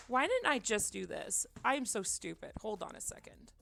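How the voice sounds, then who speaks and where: A woman livestreamer chatting casually while she draws, rambling and self-deprecating, often dropping to quiet mutters. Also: mid-range voice, lively intonation, normal speed, creaky, no echo, soft background music. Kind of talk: casual chat while drawing on stream.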